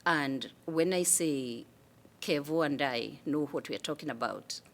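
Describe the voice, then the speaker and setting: A woman from Kenya, a city commissioner, giving measured, heartfelt farewell remarks at a public meeting. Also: sits low.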